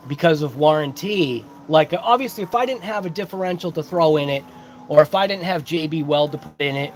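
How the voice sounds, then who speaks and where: A man's voice: on the high side, slight background noise. A man hosting a casual livestream who rambles along and greets chat viewers by name. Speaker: host of a hobby livestream. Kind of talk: casual live-chat unboxing.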